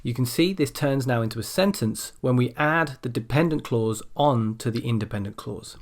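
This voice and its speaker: A man's voice: mid-range voice, moderate pace, hardly any pauses. A man teaching English grammar in a recorded video lecture, explaining step by step and acting out rising and falling intonation on example sentences.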